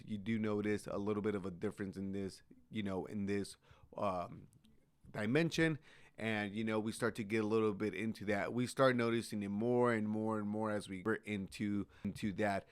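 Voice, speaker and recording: A man's voice: on the low side, dry recording. A man giving a casual, rambling recap of a TV episode, with many fillers and restarts. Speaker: show recap host.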